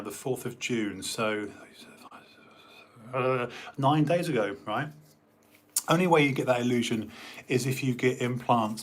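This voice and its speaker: A man and former bodybuilder, chatting casually in a rambling way, full of fillers and restarts. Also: lowish voice. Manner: meandering, many fillers and restarts. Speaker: former competitive bodybuilder hosting a stream.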